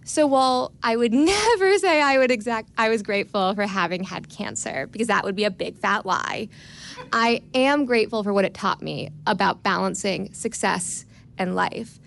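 A woman's voice: creaky, slight background noise. A young woman in her twenties from Florida telling a candid, wry personal story on stage, often laughing between lines. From Tampa, Florida. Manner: quick and lively, pitch rising when excited.

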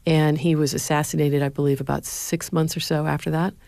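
Low-voiced woman, earnest storyteller. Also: level tone, a little fast, vocal fry, mellow, no echo. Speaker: former speechwriter, university lecturer. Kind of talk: interview answers, storytelling.

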